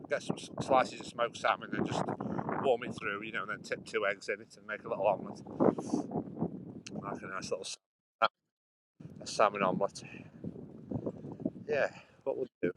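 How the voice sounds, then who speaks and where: A man's voice: lowish voice, fairly even intonation, normal speed, long pauses. Chatty man rambling on a walk. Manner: rambling, chatty, restarts sentences often. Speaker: livestream host. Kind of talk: casual walking livestream chat. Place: outdoors walking by a busy road. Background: traffic and sawing noise.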